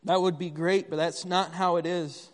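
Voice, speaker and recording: A man's voice: high-pitched, steady tone, normal speed. A man preaching a sermon in a church, talking conversationally and putting questions to the congregation. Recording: long hall reverb.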